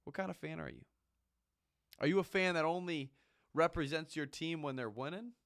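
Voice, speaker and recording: A man's voice: a little high, normal speed, fairly bright tone, no echo, studio quality. A man and former Marine giving an impassioned, ranting monologue, repeating his points with emphasis. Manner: fired-up, ranting, emphatic repetition.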